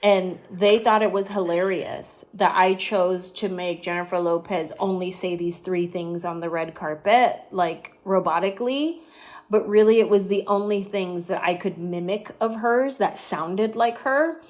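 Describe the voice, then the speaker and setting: A woman comedian in her thirties tells stories as a podcast guest. She is lively and animated, and drops into quick impressions mid-story. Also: mid-range voice.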